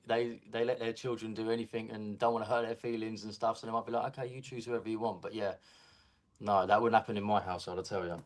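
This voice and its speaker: Bloke guesting on a fan show, fired up, goes on in long rants. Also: male voice, on the low side, flat delivery, fast. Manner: passionate, talks in long heated runs. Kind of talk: casual fan discussion.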